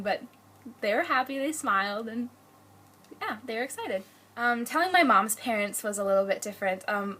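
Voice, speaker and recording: A woman's voice: medium pitch, sharp tone. A young woman telling family stories in a casual, chatty vlog, laughing often. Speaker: vlogger.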